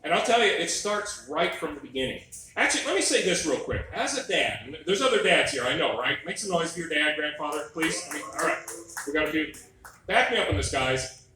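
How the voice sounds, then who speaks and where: High, bright-voiced comedian in echoey room. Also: male voice, sing-song, a little fast, slight background noise. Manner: wry, exasperated storytelling with mock quotes. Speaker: stand-up comedian. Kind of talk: stand-up comedy set. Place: comedy club stage. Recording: echoey room recorded from a distance.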